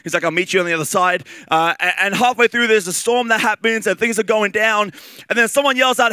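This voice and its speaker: Man, Australian accent, preacher, bright voice, conversational sermon, close dry sound. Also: high-pitched, brisk, dry recording. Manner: animated, conversational preaching with fillers and repeated phrases.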